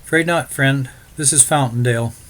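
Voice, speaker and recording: A man's voice: medium pitch, a little fast, fairly bright tone, lightly acted. A man voicing a friendly young frontier farmer's son who speaks in a plain, folksy way.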